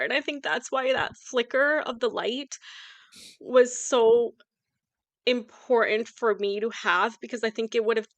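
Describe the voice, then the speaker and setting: A woman with a fairly high voice speaks openly and emotionally, close to tears, in a casual podcast chat. The sound is dry and close, with no room around her. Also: unhurried, dry recording. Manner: candid, tearful, speaks of grief with nervous laughs. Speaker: podcast co-host.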